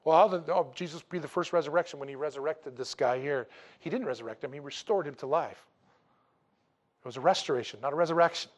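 A man preaching a sermon, telling the story in a humorous, animated way and acting out the dialogue casually. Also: fairly high pitch, fast. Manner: acts out dialogue in a casual, jokey way. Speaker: pastor.

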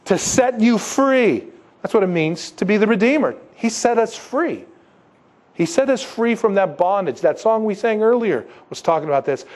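A man preaching a sermon as pastor, emphatic, moving between loud exhortations and quiet low asides, asking rhetorical questions in a conversational way.

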